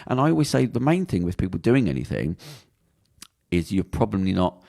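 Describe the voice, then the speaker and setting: A man's voice: low-pitched, big pitch swings, fairly quick, creaky, mellow. A man with a British accent, talking bluntly and swearing a lot as he rambles through a casual podcast chat. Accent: British English. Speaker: podcast host.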